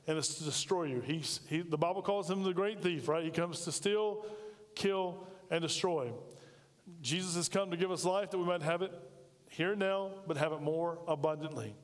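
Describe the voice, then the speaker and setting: A man preaching a sermon in a chatty way, full of asides and rhetorical questions. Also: high voice. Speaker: pastor. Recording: reverberant hall.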